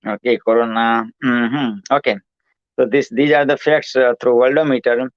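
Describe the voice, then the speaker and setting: A man's voice: medium pitch, fairly even intonation, moderate pace, no room sound, dull audio. A man hosting his own show, giving a rambling motivational monologue, repetitive and preachy, full of "you know" and "right".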